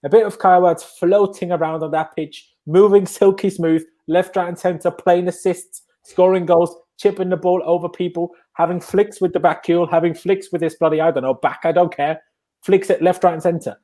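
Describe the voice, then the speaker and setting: A young man hosting a casual live-stream chat, excited and rambling as he restarts his sentences. His voice is mellow and sits a little high for a man. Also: moderate pace. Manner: enthusiastic, rambling, hesitant restarts. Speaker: host.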